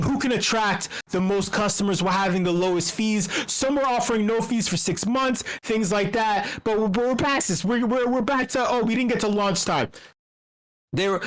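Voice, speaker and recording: A woman talking in a casual livestream, telling a story in a profane, excitable way, her pitch jumping when she gets worked up.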